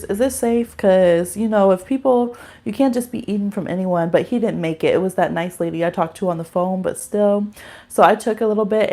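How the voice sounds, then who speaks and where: Young woman host, casual livestream, animated storyteller, talks to viewers straight into her phone. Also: lowish voice. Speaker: tarot reader hosting a livestream.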